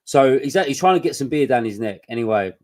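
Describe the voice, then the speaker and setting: Fast-talking sweary man. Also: mid-range voice. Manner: sweary, animated storytelling. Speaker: podcast co-host. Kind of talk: casual chat.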